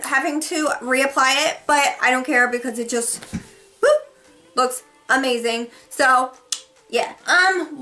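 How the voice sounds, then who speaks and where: A woman's voice: high voice, pushed and bright. A woman beauty vlogger reviewing her favorite products in a casual, gushing, chatty way, correcting herself as she goes.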